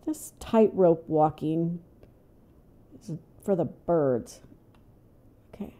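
Older woman, gaming commentary, slow talker, mellow tone, whispers then outbursts. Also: fairly low pitch, animated, gravelly. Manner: talks to herself, swings from hushed whispers to loud outbursts. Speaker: gaming channel host. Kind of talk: casual let's-play commentary.

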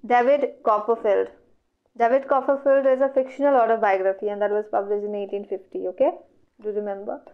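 This is a fairly quick, mid-range female voice with fairly even intonation and an Indian English accent. She teaches an online revision lecture for exams, working through questions methodically and answering questions she raises herself. Audio quality is dull and lo-fi.

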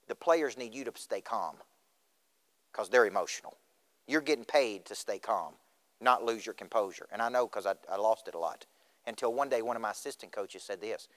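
Animated man speaking in a hall. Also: lowish voice, normal speed. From Tennessee. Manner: animated, questions the audience directly. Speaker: motivational speaker. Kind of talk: motivational speech. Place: school auditorium. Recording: reverberant auditorium.

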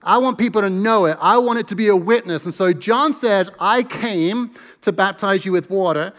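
A man's voice: high voice, moderate pace, a bit bright, in a large hall. An American man, a pastor, preaching an earnest sermon and reading scripture aloud with emphasis. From United States. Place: church sanctuary.

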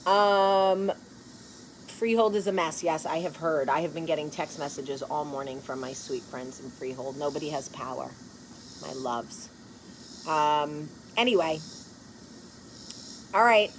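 A woman in her forties hosts a casual chat to camera, blunt, profane and joking, laughing often as she swings from hushed earnest talk to loud animated bursts. Her voice sits low and unhurried with frequent pauses, and the poor audio carries a little hiss or hum.

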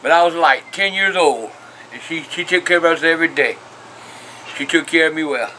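A man's voice: on the high side, normal speed, bright, forceful tone, slight background noise. An older man hosting his own show, talking bluntly to camera and swearing constantly. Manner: profane and blunt, peppered with curses. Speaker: show host answering viewer questions. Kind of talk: casual talk to camera.

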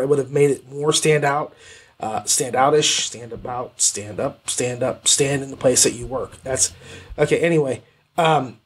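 A male podcast host reviews audiobooks in loose, unscripted chat. His voice is slightly husky and sits a little high for a man. He rambles and stumbles through fillers and restarts as he goes. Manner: rambling, animated, self-correcting with many fillers. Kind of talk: casual spoken review.

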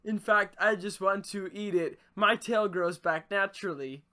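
A man voicing a talking male salamander on a quest for his lost tail, in a gurgly, fishy tone with slow, solemn storybook phrasing. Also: high-pitched, bright, forceful tone, voice pushed up. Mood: mock solemn.

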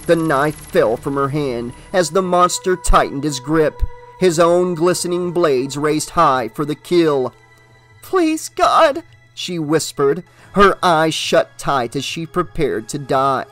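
A man reading a horror novel aloud as an audiobook, with steady, dramatic narration. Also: fairly high pitch, slow, soft background music.

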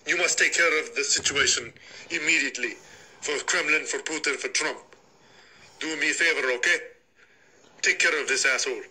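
A man's voice: on the high side, moderate pace, long pauses, sharp tone, poor audio. A man putting on a stern Russian agent. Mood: menacing. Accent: mock Russian. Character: gruff Russian male agent, menacing.

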